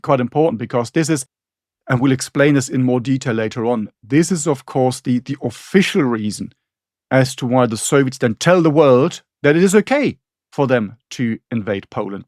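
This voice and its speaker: A man's voice: mid-range voice, dry recording, clean studio sound. A man co-hosting a history podcast, talking in a conversational way, thinking aloud with asides. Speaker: podcast co-host.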